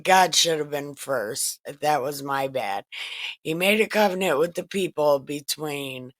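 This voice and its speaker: A woman's voice: deep voice, a little slow, no room sound. A woman host retelling Bible stories in a casual, profane, wisecracking way, recorded in a makeshift home setup. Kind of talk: casual irreverent storytelling.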